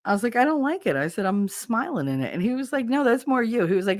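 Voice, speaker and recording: A woman's voice: a little high, big pitch swings, fast talker, dry recording, clean studio sound. A woman in her thirties, a livestreamer chatting casually with viewers, telling stories with frequent swearing and laughter. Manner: chatty storyteller, swears freely, laughs often.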